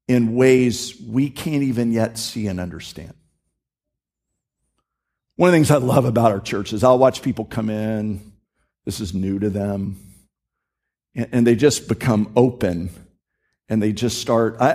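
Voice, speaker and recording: A man preaches from a church stage in an easygoing, conversational way. His pitch swings widely as he reads verses and unpacks them, often doubling back on his words. It is a talk-like sermon, not a shouted one. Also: breathy edge. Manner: animated, repeats words while reading and explaining scripture. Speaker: pastor.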